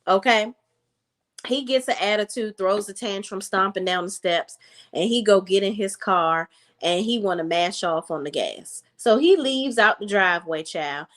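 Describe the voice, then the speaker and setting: A woman giving a casual, sassy recap of a reality TV episode, telling the story in lively slang. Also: mid-range voice, moderate pace. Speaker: recap vlogger.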